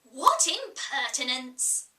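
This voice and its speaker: A woman's voice: high-pitched, big pitch swings, slow, recorded from a distance, background noise, full character voice. A woman voicing an offended talking plum pudding with a thick, suety voice. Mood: indignant. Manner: indignant. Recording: echoey room, voice off-mic.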